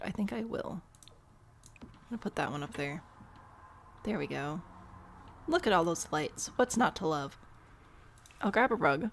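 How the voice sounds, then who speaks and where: Her voice mid-range, a young gameplay host talks loosely through her play, musing aloud and teasing herself. A little hiss or hum sits in the recording.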